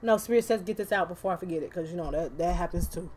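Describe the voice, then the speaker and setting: This tarot reader talks fast in a fairly low, slightly mellow voice with a breathy edge. Her reading to camera is casual and loose, peppered with slang, swearing, and giggling asides.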